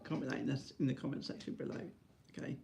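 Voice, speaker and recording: Casting note: male vlogger, gravelly fry, rambling chatty delivery full of restarts. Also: level tone, quick pace, warm tone. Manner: rambling, restarts, frequent "right?"; high sing-song baby talk to his dog. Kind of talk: casual chat to camera.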